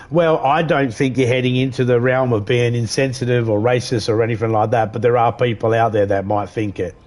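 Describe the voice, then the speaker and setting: A man's voice: mid-range voice, a little mellow. A man live streaming a game, chatting casually in a rambling, profane way that circles back over his points. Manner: rambling, profane, repeats himself. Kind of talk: casual chat while gaming.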